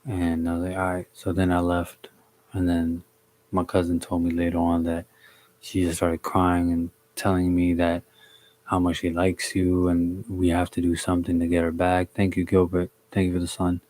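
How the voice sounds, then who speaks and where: A young man from the DC, Maryland and Virginia area telling a story on a live stream in a relaxed, slangy way, greeting viewers by name. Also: low-pitched, normal speed. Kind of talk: casual storytelling on a livestream.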